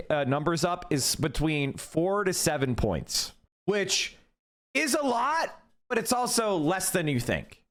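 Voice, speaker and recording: A man's voice: fairly high pitch, a bit bright. A man giving a heated, profane political rant as a streamer, mocking and combative.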